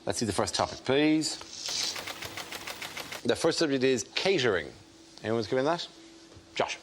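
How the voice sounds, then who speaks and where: A man hosting a comedy panel show, introducing comics and topics with brisk, scripted links. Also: mid-range voice, animated. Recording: live studio with audience and noise.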